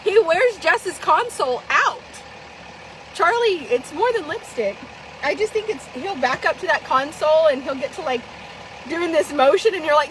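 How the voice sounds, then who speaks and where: A woman vlogging live in casual chat, swearing freely and laughing often as she tells animated stories. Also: high voice, unhurried, slight background noise, poor audio.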